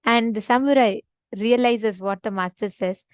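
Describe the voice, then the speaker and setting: A woman's voice: a little high, normal speed, clear, resonant tone, no room sound, low-quality recording. A woman leading a devotional teaching session, earnest and emphatic, often repeating her main points. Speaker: spiritual teacher.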